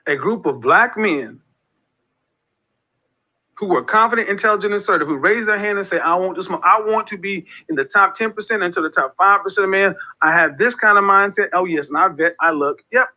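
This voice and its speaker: A man's voice: sits high, a little fast, bright, forceful tone, poor audio. A man in his forties hosting a casual monologue, talking emphatically and repeating phrases like a preacher. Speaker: host of a men's group talk.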